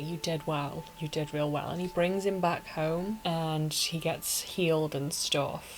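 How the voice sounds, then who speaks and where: A woman's voice: low voice, poor audio. A woman casually retelling an anime story as a reviewer, emotional and gushing, with dramatic little asides.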